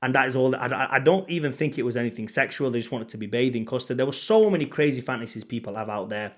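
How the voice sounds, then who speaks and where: A man telling a story to camera in a casual vlog, animated and blunt, swearing freely and acting out the moments. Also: medium pitch, quick pace. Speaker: vlogger.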